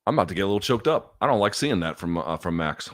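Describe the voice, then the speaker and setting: A man hosting a live fight watchalong, going from loud excited outbursts to quiet, emotional reflection, with plenty of swearing. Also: deep voice, fast talker. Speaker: host. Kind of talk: live fight reaction commentary.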